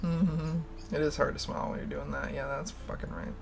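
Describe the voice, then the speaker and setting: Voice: mid-range voice, steady tone, a little fast, creaky, slight background noise. A livestream host chatting casually, rambling and candid, laughing often and swearing freely. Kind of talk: casual stream chat.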